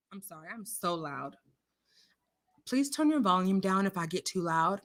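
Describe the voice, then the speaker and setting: A woman hosting a casual livestream chat, animated and outspoken, quoting scripture and swinging between loud outrage and hushed apologies. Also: on the low side, normal speed, long pauses. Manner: religious, quotes scripture. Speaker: livestream host.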